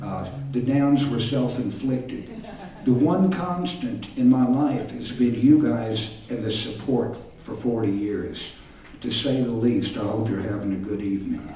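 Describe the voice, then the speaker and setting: A man's voice: medium pitch, measured pace, warm tone, slight background noise. An older man from Texas, a singer-songwriter, telling reflective, self-deprecating stories on stage between songs. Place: concert stage. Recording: echoey live hall from far off. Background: guitar music.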